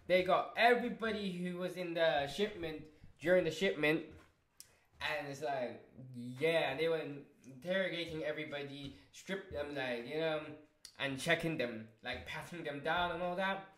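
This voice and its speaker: A man recapping a show episode in a casual review, excitable and swearing, with many restarts and fillers. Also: fairly high pitch, moderate pace. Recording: roomy echo.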